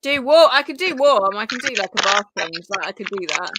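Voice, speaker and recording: A woman's voice: mid-range voice, expressive, fairly quick, heavy background noise. A woman co-hosting a casual live podcast, speaking candidly with plenty of fillers. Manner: chatty, candid, trailing fillers. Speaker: podcast co-host.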